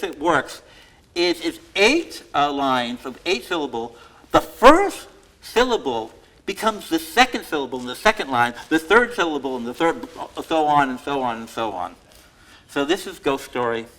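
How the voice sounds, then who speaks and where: A man reading his own poems aloud to a live audience at a museum event, reciting with loud emphasis and adding chatty, self-deprecating asides full of fillers and laughter. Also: a little high, big pitch swings, moderate pace, rough recording. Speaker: poet receiving an award.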